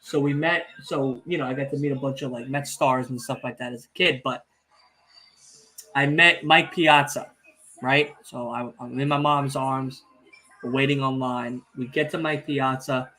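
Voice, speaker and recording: Speaking at a moderate pace in a medium-pitched voice, this young podcast host leads a laid-back wrestling watch-along. He tells stories with excitement, swears without restraint, and teases the chat.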